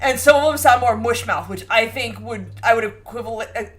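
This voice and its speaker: A woman's voice: fairly high pitch, fairly quick, a bit bright. A woman co-hosting a baking live stream, chatting casually and reading viewer comments aloud with lots of restarts.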